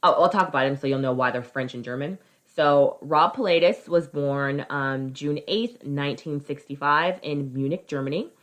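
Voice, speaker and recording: Woman, podcast co-host, low pitch, casual storytelling, profane, acts out quotes. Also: moderate pace, hardly any pauses. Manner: swearing, laughing, acting out quoted voices.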